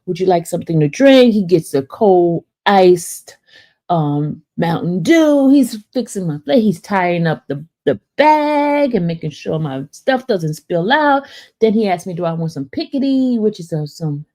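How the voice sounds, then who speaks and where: Woman spilling a story to her viewers, kinda low voice, chatty, keeps asking right? and saying y'all. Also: unhurried. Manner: chatty, animated, often asks "right?" and addresses "y'all".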